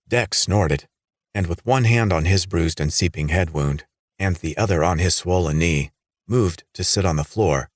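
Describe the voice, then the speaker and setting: A man reading a horror audiobook in steady scripted narration. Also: low-pitched, normal speed, no room sound, studio quality.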